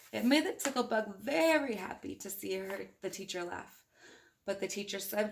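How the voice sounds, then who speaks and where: A woman's voice: mid-range voice, lively intonation, moderate pace, creaky, bright, forceful tone, a little hiss or hum. A woman reading a children's storybook aloud, playful and chatty, asking the listeners questions along the way. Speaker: storybook reader.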